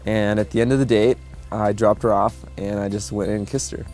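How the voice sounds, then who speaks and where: A groom-to-be in his twenties, speaking fairly quickly in a low-ish voice with fairly even intonation, tells in a casual interview how he met and proposed to his fiancée. He's easygoing, chuckles, and uses lots of fillers. Soft music plays underneath.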